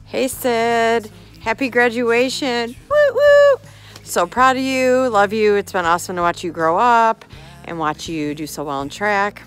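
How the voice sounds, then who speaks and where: A woman's voice: medium pitch, a little slow, a bit bright, soft background music. A woman giving a bubbly, affectionate congratulations message. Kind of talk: casual video message.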